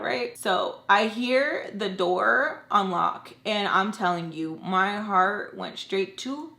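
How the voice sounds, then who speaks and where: A young woman tells a personal story from her home in a heated, venting voice. Her pitch sits in the middle range, and she fills her sentences with "like" as the grievance pours out. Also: animated, slow pace, creaky, hardly any pauses, bright, forceful tone, slight background noise. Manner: heated, venting, many "like" fillers. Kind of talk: casual storytime vlog. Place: at home with children nearby.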